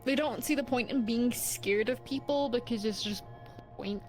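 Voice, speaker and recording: A woman's voice: a little high, moderate pace, soft background music, poor audio. A woman in casual chat, speaking in a laid-back, blunt way.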